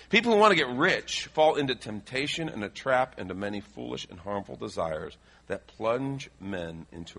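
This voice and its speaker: A man's voice: lowish voice, creaky, a bit bright, breathy edge. A male pastor from the Chicago area preaching a sermon, reading scripture aloud and adding joking asides.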